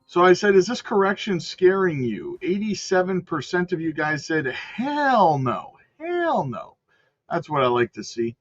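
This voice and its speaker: A man's voice: high voice, expressive, normal speed, hardly any pauses, muffled recording. A man hosting a live crypto stream in a hyped, slangy way, greeting viewers by name. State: out of breath. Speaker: crypto livestream host. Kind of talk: casual live-stream chat.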